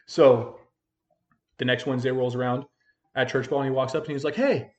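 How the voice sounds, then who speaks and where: A man's voice: mid-range voice, little pitch movement, fairly quick. Profane young man telling a story. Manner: rambling, profane, full of "like". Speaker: podcast host. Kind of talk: casual storytelling chat.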